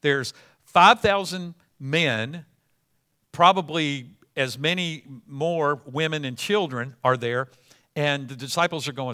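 A man preaching a sermon with a fairly high, bright voice. He retells scripture as a lively story and acts out the scenes as he goes. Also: slow. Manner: animated storytelling, acting out scenes.

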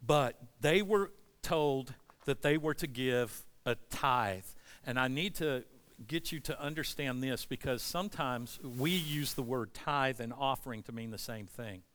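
Bright, impassioned man preaching a sermon. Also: medium pitch, unhurried. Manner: impassioned, voicing God and churchgoers in quotes, conversational asides. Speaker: pastor.

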